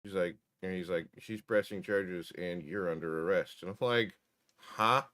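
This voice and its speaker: A man's voice: sits low, moderate pace, a bit bright. A man telling a story in casual chat, profane and wry.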